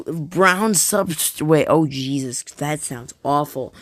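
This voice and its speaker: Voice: mid-range voice, takes it slowly, a bit bright, dry recording. A streamer chatting casually and jokingly with viewers while playing a game, rambling from one topic to the next. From United States. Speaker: live streamer. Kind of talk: casual live-stream chat while gaming. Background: game music.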